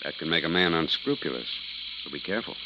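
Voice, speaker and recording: A deep-voiced, grave doctor. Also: male voice, quick pace. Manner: calm, reserved, cautioning. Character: grave, measured family doctor. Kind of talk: 1940s radio acting. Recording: noisy, dull old radio recording.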